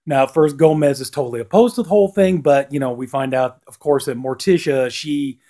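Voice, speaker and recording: A man talking through a TV episode in a casual, rambling way. He fills his speech with "you know" and restarts, and his tone is mellow and warm. His pitch sits in an ordinary middle range. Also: fairly quick. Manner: acts out lines with a lifted voice. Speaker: TV episode reviewer. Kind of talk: casual spoken review.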